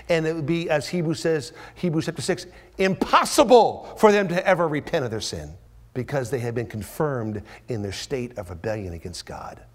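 A man preaching a verse-by-verse sermon as pastor, dropping to hushed whispers and then rising into loud, high-pitched emphasis as he acts out the voices in the text. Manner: acts out quoted voices with strong pitch jumps. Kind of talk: expository sermon.

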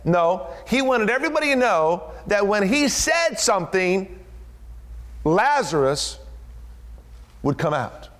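Animated man preaching a sermon. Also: sits high, slow, long pauses, long reverb tail. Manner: animated storytelling, acting out the voices in the scripture.

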